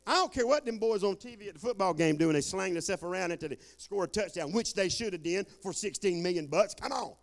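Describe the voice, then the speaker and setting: An older man preaches a sermon in a homespun, folksy way. He keeps calling out for amens. He swings from shouted bursts down to low, quiet asides. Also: expressive, fast talker, few pauses. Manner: folksy Southern preaching, calls for amen, swings loud and soft.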